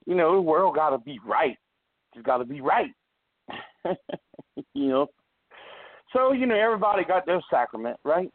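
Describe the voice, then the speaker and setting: A man's voice: a little high, expressive, moderate pace, pauses often, no room sound. A middle-aged man calling in to a radio show, loose, playful and laughing as he talks. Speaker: caller. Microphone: phone. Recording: tinny phone line.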